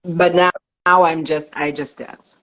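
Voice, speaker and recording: A woman's voice: low-pitched, measured pace. Chatty woman on a lo-fi stream. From Canada. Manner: chatty, laughs often, animated storytelling. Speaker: guest, dancer and fitness business owner. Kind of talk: casual podcast chat.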